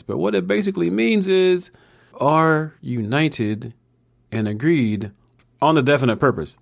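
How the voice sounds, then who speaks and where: A man's voice: on the high side, gravelly, darkish tone. A man hosting a motivational podcast monologue, with playful, jokey asides.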